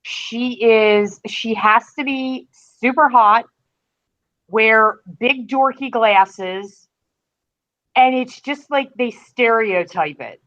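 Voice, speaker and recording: A woman's voice: on the high side, extremely slow, fairly bright tone. A woman co-hosting a podcast, giving candid opinions in a hesitant, casual way over dull lo-fi audio. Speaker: podcast co-host. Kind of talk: casual chat.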